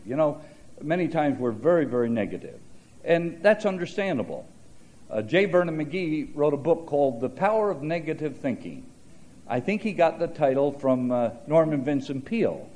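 A man preaching a sermon, mixing scripture with folksy stories and dry humor, shifting his pace and loudness for emphasis. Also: on the high side, very animated, normal speed.

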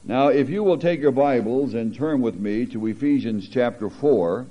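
A man preaching a sermon, reading scripture aloud with teacherly asides and building to emphatic, animated peaks. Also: medium pitch, normal speed. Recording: dull lo-fi recording.

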